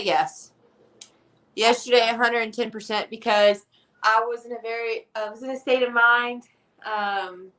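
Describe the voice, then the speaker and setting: A woman's voice: on the high side, bright, forceful tone, distant mic, poor audio. A woman competitor talking candidly in a casual chat, laughing between remarks.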